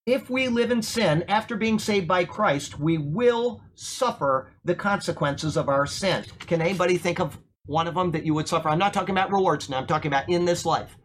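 A pastor tells a story in an informal sermon, asking the congregation questions and repeating words when he gets excited. His voice sits high and he speaks briskly, with slight background noise.

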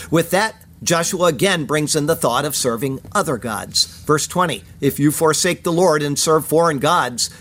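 Man preaching, slightly high voice. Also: a bit bright. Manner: measured, explanatory, stresses single words. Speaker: pastor. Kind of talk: verse-by-verse sermon with Hebrew readings.

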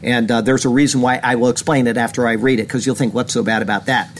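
A man's voice: fairly even intonation, quick pace, a little hiss or hum. A male pastor giving earnest sermon commentary in a small church, reading news items and pressing his points with mounting indignation. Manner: earnest, rising in pitch when indignant. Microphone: camera.

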